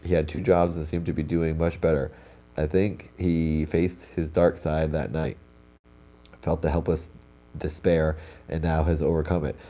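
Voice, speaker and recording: A man's voice: a bass voice, flat delivery, a little slow, dark tone. A young man, sounding congested, reads stories aloud on a live stream as host and breaks off for casual comments. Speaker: host reading viewer stories.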